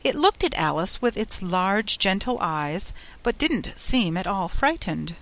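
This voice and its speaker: Lively woman reading a storybook. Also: medium pitch, a little slow. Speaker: audiobook narrator. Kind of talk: storybook narration.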